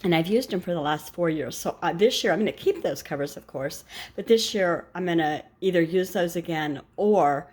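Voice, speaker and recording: A woman's voice: on the low side, moderate pace, a little mellow, breathy edge. An older woman and grandmother chatting casually to camera about her shopping haul, rambling with asides and self-corrections. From United States. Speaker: vlogger showing a shopping haul.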